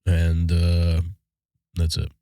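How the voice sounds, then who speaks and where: Thirties male podcast co-host, congested nasal cold voice, low-pitched, dry close sound, rambling casual chat. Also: monotone, very slow, vocal fry, warm tone, no room sound. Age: 30s. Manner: easygoing, rambling with fillers. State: stuffy nose from a cold. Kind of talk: casual chat and read sponsor ads.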